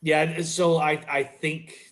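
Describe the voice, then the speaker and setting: A man's voice: fairly high pitch, flat delivery, takes it slowly, a bit bright. A man co-hosting a podcast, thinking aloud and hedging his points in casual chat. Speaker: podcast co-host.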